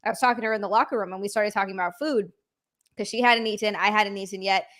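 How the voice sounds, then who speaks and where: A woman's voice: medium pitch, steady tone, fast, a bit bright. A woman co-hosting a casual stream chat, telling stories and laughing often. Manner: chatty storyteller, laughs often.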